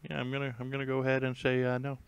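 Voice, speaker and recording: A man's voice: mid-range voice, completely flat delivery, rapid-fire, clear, resonant tone, dry recording, lo-fi sound. A man hosting a casual live stream, reading headlines aloud with rambling, jokey, self-mocking asides.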